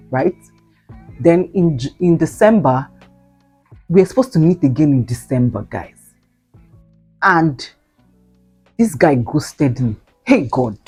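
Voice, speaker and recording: Animated woman in her twenties. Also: low-pitched, husky. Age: 20s. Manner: animated, exclaiming, slangy asides to viewers. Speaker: vlogger. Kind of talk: casual storytelling. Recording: faint guitar music behind.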